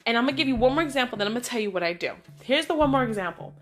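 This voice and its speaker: A middle-aged woman hosting a vlog, telling personal stories in a casual, animated way and acting out other people's lines. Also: fairly high pitch, rapid-fire. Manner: animated, acts out friends' voices and lines. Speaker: vlog host. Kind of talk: casual storytelling monologue. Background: music.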